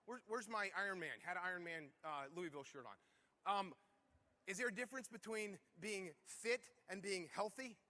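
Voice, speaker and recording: A man's voice: high-pitched, normal speed, pushed and bright. A man giving a motivational keynote talk to a conference audience, firing off punchy rhetorical questions. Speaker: conference speaker.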